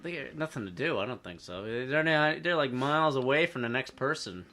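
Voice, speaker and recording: A man's voice: mid-range voice, lively intonation, bright, forceful tone. A man co-hosting a casual chat, pushing back on his friends with short replies. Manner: quick to disagree, short replies. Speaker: podcast co-host.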